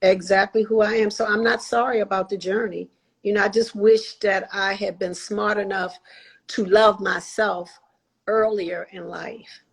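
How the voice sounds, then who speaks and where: A woman in her sixties, a guest telling her life story in an interview, animated and acting out the voices of people she quotes. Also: medium pitch, a little slow, vocal fry, husky, poor audio. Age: 60s.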